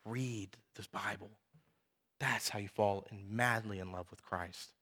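A man in his thirties preaching a sermon, telling personal stories in a lively, conversational way with frequent asides to the audience. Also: on the low side, measured pace. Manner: animated storytelling, conversational asides.

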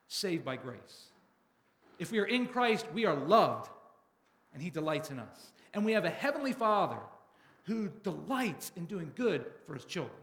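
A man's voice: high-pitched, fairly bright tone. Preacher man in an echoey hall. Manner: reads a book passage aloud with dramatic feeling. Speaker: pastor. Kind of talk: sermon.

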